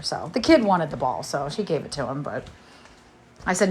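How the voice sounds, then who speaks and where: Cleaning her house while livestreaming from her phone with the camera off, a woman in her forties chats casually and drifts between stories. Her low, husky, slightly mellow voice swings widely in pitch at a normal speed, with frequent pauses and a bit of breathlessness.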